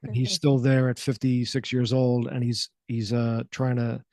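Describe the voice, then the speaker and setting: A man speaking as a radio interview guest, his voice soothing and calm. His pitch is medium, and the studio sound is dry. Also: normal speed, no echo. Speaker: actor and filmmaker, guest. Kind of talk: casual interview.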